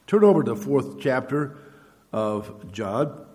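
A man preaching a sermon in a measured, teaching manner, with halting fillers and repeated words. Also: medium pitch, big pitch swings, dark tone, big-room sound.

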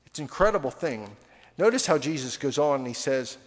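A man's voice: mid-range voice, brisk. Man preaching in a reverberant hall. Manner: animated, conversational preaching with sudden dramatic drops in volume. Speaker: pastor. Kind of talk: sermon. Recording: long reverb of a large hall.

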